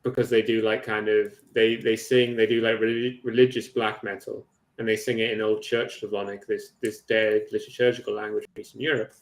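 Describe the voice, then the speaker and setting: A man's voice: on the low side, little pitch movement, fairly quick, hardly any pauses, roomy sound. A man co-hosting a podcast, talking through a point in a thoughtful, hedging way. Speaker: podcast co-host. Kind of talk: casual conversation.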